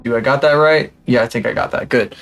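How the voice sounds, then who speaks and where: A man's voice: medium pitch, quick pace, gravelly, a bit bright, soft background music. Rambling, swearing young male streamer. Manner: rambling, profane and self-mocking. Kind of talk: casual live-stream chat.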